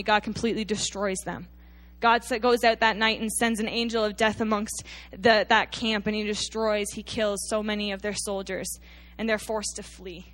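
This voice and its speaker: A woman preacher delivering a sermon to her church, retelling scripture with emphatic storytelling that drops at times to quiet intensity. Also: mid-range voice.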